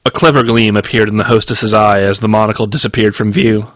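A man, the author, reading his novel aloud in steady, measured audiobook narration. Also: on the low side, no room sound.

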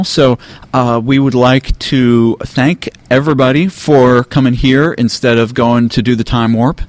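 A man's voice: medium pitch, darkish tone, dry recording. A man hosting a podcast panel, chatting casually and rambling with many ums and restarts. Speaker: podcast host.

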